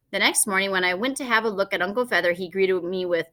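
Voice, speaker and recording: A woman narrating a children's novel in the first person, lively and expressive. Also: medium pitch, fast, few pauses. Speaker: audiobook narrator.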